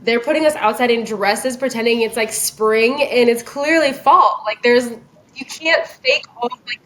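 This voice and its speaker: A young woman telling a story as a podcast guest, casual and animated, with lots of filler words. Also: a little high, a little slow.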